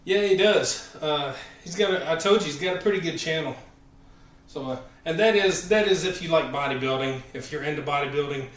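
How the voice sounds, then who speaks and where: A man's voice: a little high, brisk. Winded Southern man in an echoey gym. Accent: Southern American. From American South. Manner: rambling, filler-heavy, friendly shout-outs. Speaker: fitness channel host. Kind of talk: casual live-stream chat between workout sets. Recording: echoey room, voice far from the mic.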